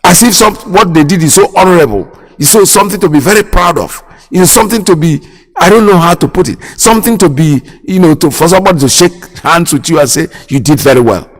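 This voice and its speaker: A man's voice: sits high, quick pace. Indignant Nigerian man, long reverb. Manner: indignant, repeats phrases, asks sharp rhetorical questions. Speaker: radio host. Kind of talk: impassioned political commentary.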